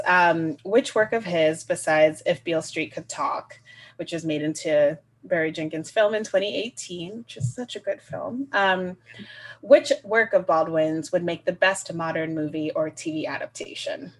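A woman co-hosting an interview, upbeat and quick to laugh. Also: lowish voice. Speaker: co-host. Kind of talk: casual interview.

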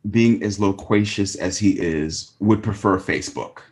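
A man as an interview guest, speaking thoughtfully with frequent pauses and ums. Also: on the low side. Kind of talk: casual interview.

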